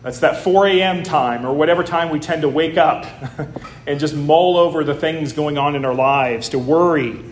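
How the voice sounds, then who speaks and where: A pastor delivering a sermon in a slightly high male voice. He talks to the congregation in a loose, conversational way and often pauses on "uh". A faint hum of room noise sits behind him. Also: echoey room. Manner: conversational preaching with frequent "uh" fillers.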